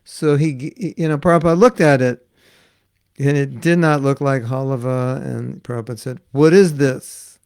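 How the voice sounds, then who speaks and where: Older male teacher, gravelly delivery, anecdotal storytelling class, acts out quotes, chuckles between lines. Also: medium pitch, steady tone, moderate pace. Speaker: spiritual teacher.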